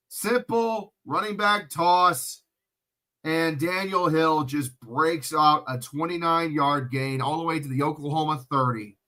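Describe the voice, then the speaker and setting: Man, high voice, sharp tone, livestream football commentary, heated, cursing, blunt rants. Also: expressive, unhurried. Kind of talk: profane ranting play-by-play commentary.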